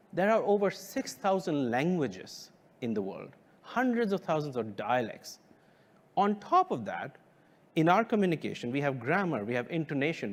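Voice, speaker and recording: A man delivers a keynote as a company founder. His voice sits a little high and moves a lot in pitch. He speaks in a measured, emphatic way with deliberate pauses. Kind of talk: keynote presentation.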